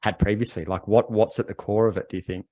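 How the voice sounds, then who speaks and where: A man speaking as a podcast guest, thoughtful and halting, searching for words as he reflects. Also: on the low side, fairly even intonation, warm tone, no room sound. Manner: thoughtful, halting, many fillers and restarts. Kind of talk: reflective conversational interview.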